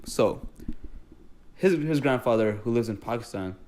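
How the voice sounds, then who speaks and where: A young man co-hosting a podcast, telling stories in a casual, animated way and swearing often. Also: medium pitch, unhurried, a little hiss or hum. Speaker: podcast co-host. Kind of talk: casual chat.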